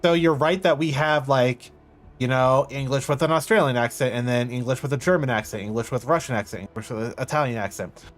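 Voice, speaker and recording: A male streamer talks casually over his game at an average pitch. He rambles, stops and restarts, and fills gaps with ums. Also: brisk. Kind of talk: casual live-stream commentary.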